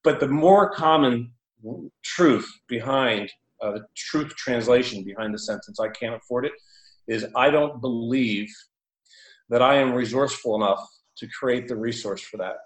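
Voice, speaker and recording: Man, casual storyteller, chatty, animated, roomy echo. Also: mid-range voice, measured pace. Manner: animated, chatty, laughing, many fillers.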